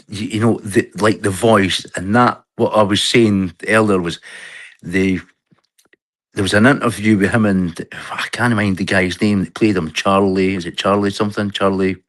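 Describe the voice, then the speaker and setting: A man's voice: lowish voice, dry recording. A man with a cold and a cough, talking in a rambling casual chat as a guest, restarting and trailing off mid-sentence.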